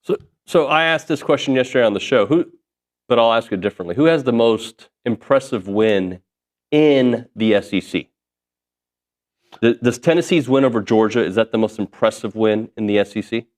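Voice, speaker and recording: A man's voice: mid-range voice, normal speed. A man hosting a sports talk show, leading segments in an easygoing, teasing way.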